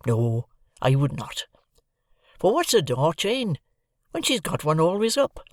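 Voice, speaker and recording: A man voicing a slow, kindly village blacksmith who talks in plain rustic dialect, weighing every word. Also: fairly high pitch, very animated, no echo, clean studio sound, pitched above the performer's own voice. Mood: ponderous.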